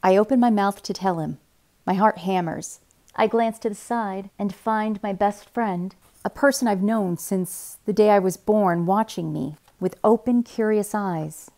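A woman reading a young adult novel aloud in a quiet, measured first-person narration. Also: medium pitch. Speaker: reader.

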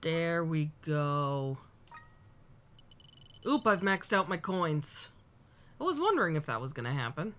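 A woman's voice: sits low, very animated, measured pace, pauses often, a bit bright. Female let's-player, bouncy intonation, jokey and casual, game music audible behind. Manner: playful, chatty, mildly profane. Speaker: gameplay commentator. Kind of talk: let's play commentary.

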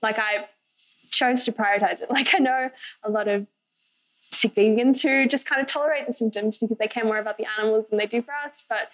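A woman's voice: fairly high pitch, fairly even intonation, brisk, fairly bright tone, rough recording. A young woman guest on a podcast, talking casually with many fillers and a light laugh now and then. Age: young adult.

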